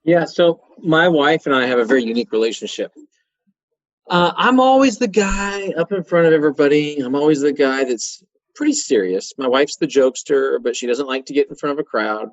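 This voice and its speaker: A man, telling stories in a folksy, animated way as a guest in a conversation. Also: on the high side, a little fast, no echo. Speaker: guest, auto repair shop owner. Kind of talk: conversational interview storytelling. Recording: dry, muffled sound.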